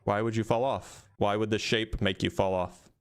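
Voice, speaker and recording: A man hosting an online debate, calmly asking short probing questions and repeating them. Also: on the low side, normal speed, clean tone. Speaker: debate streamer host.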